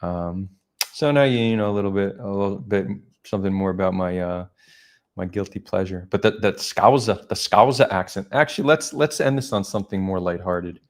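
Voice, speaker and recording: A man's voice: low-pitched, a little fast, darkish tone. A man hosting a live stream, chatting casually and reflectively with viewers, rambling a little as he goes.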